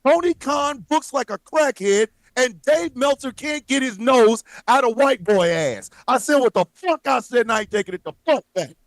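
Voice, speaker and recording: A man hosting a show, delivering an angry, profanity-filled rant that breaks into shouts at times. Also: very high voice, expressive, normal speed, few pauses, no echo. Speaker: show host.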